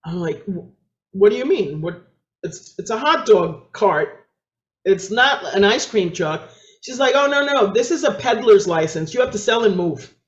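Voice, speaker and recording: A woman's voice: animated, measured pace. A woman with a New York accent, a guest on an interview show, telling her story with energy, acting out other people's voices and laughing often. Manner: acts out quoted voices with big pitch jumps, laughs often. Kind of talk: animated storytelling. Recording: echoey, dull lo-fi sound.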